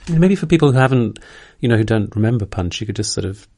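A male interviewer with a slightly low voice who speaks at a brisk clip. He poses thoughtful, searching questions, circling back to rephrase as he goes. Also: expressive, darkish tone.

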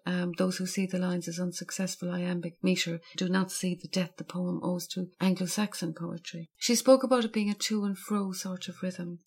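A woman's voice: fairly low pitch, darkish tone, slightly rough. A woman talking thoughtfully about a poem in an unscripted conversation, with frequent hesitations. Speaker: poetry guest discussing a poem. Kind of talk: conversational literary discussion.

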